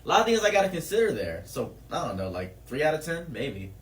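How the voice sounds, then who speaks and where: A man improvising absurd comedic answers in a deadpan, rambling way with lots of fillers. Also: on the high side, fast. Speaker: comedy creator answering questions.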